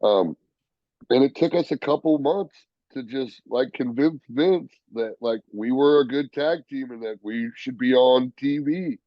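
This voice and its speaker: A man, a professional wrestler, telling stories in a casual interview, profane and animated, acting out the people he quotes. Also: medium pitch, a little slow, no room sound, lo-fi sound.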